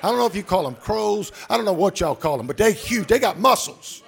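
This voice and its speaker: A male pastor preaching a sermon, swinging from low murmurs to shouts and calling out to the congregation. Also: animated, brisk, creaky, slightly rough. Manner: calls out to the congregation.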